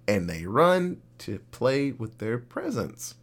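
A young man co-hosts a casual podcast, running through a cartoon plot with lively, swooping intonation at an ordinary middle pitch. He swears freely and keeps the retelling animated. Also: normal speed. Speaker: podcast co-host. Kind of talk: casual podcast chat recapping an episode.

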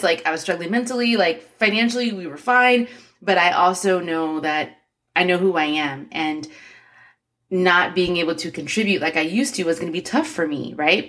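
A woman in her forties hosting a podcast, talking earnestly and emotionally to her listeners with encouragement and frequent laughs. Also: low voice. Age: 40s. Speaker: podcast host. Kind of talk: motivational podcast monologue.

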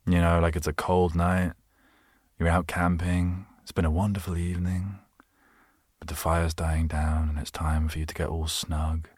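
A man's voice: sits low, no room sound, clean studio sound. A man hosting a solo podcast, rambling through self-mocking jokes and asides. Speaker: podcast host.

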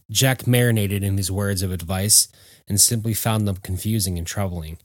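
A man narrating a story in a measured, steady audiobook style. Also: fairly low pitch, dry recording, studio quality.

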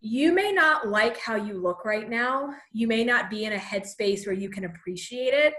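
Her fairly high, slightly bright voice moves at normal speed with plenty of animation as she talks casually to camera. A pregnant woman in her thirties, she vlogs pregnancy tips in an encouraging, chatty way, somewhat out of breath and saying "you know" a lot.

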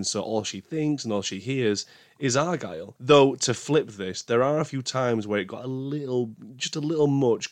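A man's voice: medium pitch, no echo, clean studio sound. A man giving a casual spoken film review, emphatic and prone to bursts of exasperation.

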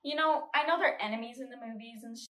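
A woman's voice: a little high, fast, fairly bright tone. A woman chatting casually as a guest, laughing often and trailing off mid-thought. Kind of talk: casual chat. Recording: echoey room.

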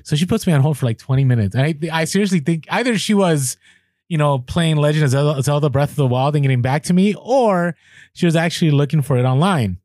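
A man's voice: fairly high pitch, fast talker, dry recording, clean studio sound. A man chatting casually and telling a story, acting out the people in it, his voice jumping up when he is exasperated. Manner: animated, acts out quoted people, voice jumps up in exasperation.

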